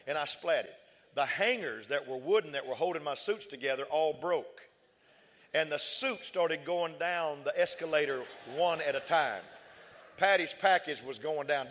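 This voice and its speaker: Animated preacher man in a reverberant hall. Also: fairly high pitch. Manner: animated storytelling preacher, repeats phrases for emphasis. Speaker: pastor. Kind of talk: sermon with personal story.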